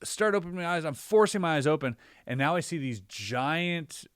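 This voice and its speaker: A man in a casual podcast conversation, telling a personal story in an animated way, acting out his own reactions with lots of filler words. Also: fairly high pitch, normal speed, clean tone, dry recording, studio quality. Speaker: podcast guest or co-host.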